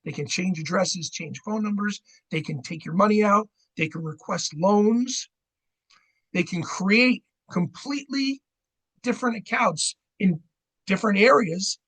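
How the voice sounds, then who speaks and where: High-voiced middle-aged man, conversational seminar. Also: measured pace, a bit bright, slightly rough, rough recording. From New Jersey. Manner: conversational, keeps asking "right?". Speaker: credit union fraud educator. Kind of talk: seminar talk on fraud.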